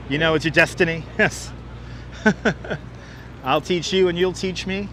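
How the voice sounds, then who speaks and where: A man's voice: fairly high pitch, slow pace, pauses often, a bit bright, a little hiss or hum. A man hosting a walking livestream outdoors, chatting and joking as he reads viewers' comments aloud on a clip-on mic. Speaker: livestream host. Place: outdoors on a city waterfront street. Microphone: wireless clip-on mic.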